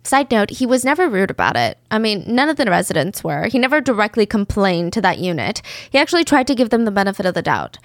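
A woman's voice: medium pitch, sing-song, fast talker, hardly any pauses, no room sound, studio quality. A woman narrating a true crime story in a casual, chatty way, with conversational asides.

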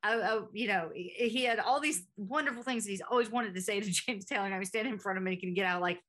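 A woman's voice: medium pitch, fast, a bit bright. A woman co-hosting a podcast, chatting in a loose way full of "like" fillers. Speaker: podcast co-host. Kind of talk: casual chat.

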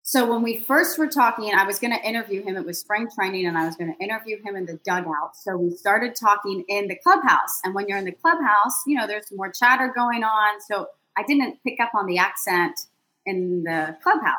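A woman telling a lively, self-deprecating story in a casual podcast chat. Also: mid-range voice, a little fast, poor audio. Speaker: sideline reporter guest.

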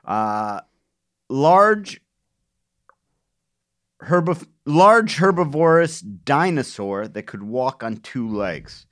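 A man's voice: medium pitch, sing-song, very slow, long pauses, a bit bright, no room sound, studio quality. A man co-hosting a podcast, chatting casually and playfully about crossword clues, rambling with fillers. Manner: rambling, playful, breaks into goofy put-on voices. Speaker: podcast co-host.

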